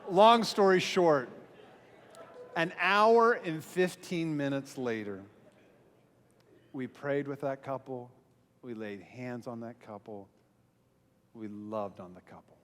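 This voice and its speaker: A man's voice: mid-range voice, lively intonation, slow pace, long pauses, fairly bright tone. A man, a pastor, telling a self-mocking story to a church audience and acting out the voices he quotes. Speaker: pastor and small group speaker. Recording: long hall reverb from a live venue.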